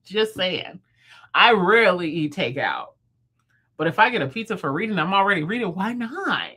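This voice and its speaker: A woman in her thirties hosting a livestream, chatting casually with viewers, fast-talking and playful. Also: fairly low pitch, sing-song, bright, forceful tone, slightly rough. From United States. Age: 30s. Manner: talks fast, chatty and playful, laughs often. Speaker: livestream host. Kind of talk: casual live chat with viewers. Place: at home, in bed.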